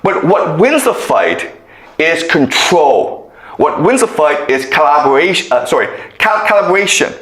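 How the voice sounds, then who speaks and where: Guy lecturing a class, tells it like a story, keeps saying okay?, fairly high voice, echoey room. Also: big pitch swings, a little slow, a bit bright. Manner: storytelling, checks in with "okay?" often; acts out quoted kids in higher voices.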